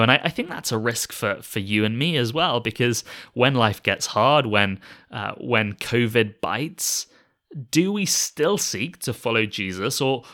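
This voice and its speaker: A man giving a conversational sermon, earnest and warm. He often repeats a word as he restarts a phrase, and he reads scripture aloud. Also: lowish voice. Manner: reads scripture aloud and acts out short quoted lines. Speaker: preacher.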